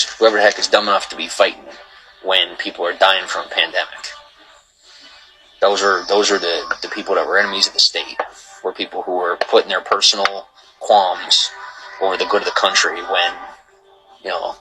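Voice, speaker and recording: A man's voice: low voice, bright, forceful tone, poor audio. A man hosting a livestream, chatting casually and greeting viewers, getting heated and rambling as he repeats himself. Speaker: livestream host. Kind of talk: casual livestream chat reading viewer comments.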